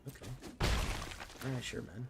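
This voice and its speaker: A man's voice: slow pace, loud music behind the voice. A young man streaming a card game, muttering play-by-play and swearing when frustrated. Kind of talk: live gameplay commentary. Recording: noisy room ambience behind.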